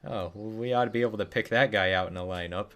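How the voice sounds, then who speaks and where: A man's voice: fairly low pitch, quick pace, fairly bright tone. A young man streaming a game, giving casual commentary full of sarcastic jokes and muttered asides.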